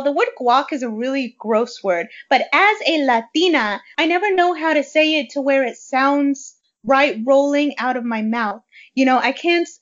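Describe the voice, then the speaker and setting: A woman's voice: sits high, dull audio. A woman hosting a podcast, chatting in a hyper, rambling way full of fillers. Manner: hyper, chatty, lots of "like" and "you know". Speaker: podcast host. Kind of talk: casual podcast chat.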